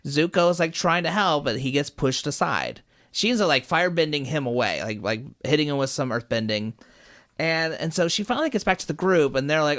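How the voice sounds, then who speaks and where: Co-host with an expressive voice, recapping a story and playing out the quotes. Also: medium pitch, fairly quick. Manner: animated retelling, acts out quotes. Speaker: podcast co-host. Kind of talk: casual podcast chat.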